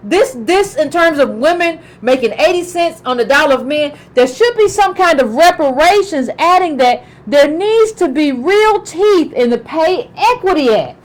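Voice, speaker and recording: A woman's voice: sits high, lively intonation, moderate pace, few pauses, rough recording. A middle-aged woman giving political commentary in an emphatic way, repeating herself and asking pointed questions.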